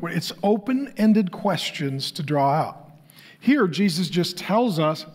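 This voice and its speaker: A man's voice: high-pitched, expressive, unhurried. A middle-aged man, a pastor, preaching a conversational sermon that keeps throwing rhetorical questions at the crowd.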